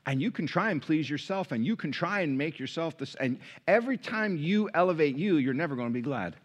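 A middle-aged man preaching a sermon as pastor, conversational and animated, with sudden high bursts. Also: fairly quick. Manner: animated, conversational, sings hymn lines.

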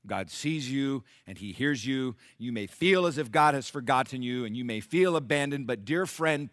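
Middle-aged male pastor, sermon, bright forceful tone, dry close sound, loud peaks and hushed asides. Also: mid-range voice, no room sound. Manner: preacherly, swings from loud emphatic peaks to hushed intimate asides; acts out biblical characters in quick voices.

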